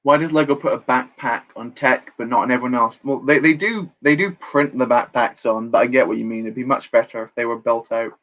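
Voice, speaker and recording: A man's voice: medium pitch, steady tone, fairly quick, few pauses, fairly bright tone. A young man chatting casually on a live stream while building, reading chat aloud and joking at his own expense. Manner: chatty, reads chat aloud, self-deprecating jokes.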